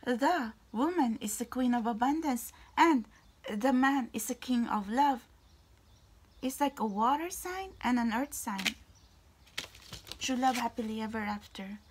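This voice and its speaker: Excitable woman giving a tarot reading. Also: high-pitched, unhurried, a little hiss or hum. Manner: excitable, bursts of exclamations. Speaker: tarot reader.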